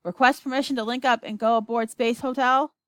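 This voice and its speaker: A woman's voice: a little high, fairly even intonation, a little fast, a bit bright, no echo, pitched above the performer's own voice, natural voice. A woman voicing a folksy, easygoing male astronaut reporting over the radio.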